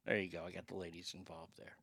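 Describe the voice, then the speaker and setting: A man's voice: deep voice, little pitch movement, fast talker, gravelly, fairly bright tone, no room sound. A man hosting a show and ranting in blunt, profane commentary, acting out quoted exchanges. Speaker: podcast host.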